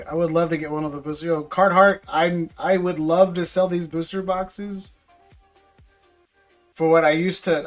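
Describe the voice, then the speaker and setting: A man selling trading card packs on a live stream, chatting casually with viewers and calling them bro. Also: on the high side. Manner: laid-back, talks to viewers as bro. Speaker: livestream card seller.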